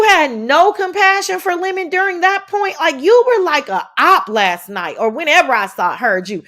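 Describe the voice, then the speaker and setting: Woman livestream host, higher-pitched, animated, swears casually, reads out chat. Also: moderate pace, hardly any pauses. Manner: animated, blunt, swears freely, drawls "child" and "y'all". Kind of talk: casual live commentary, reading chat.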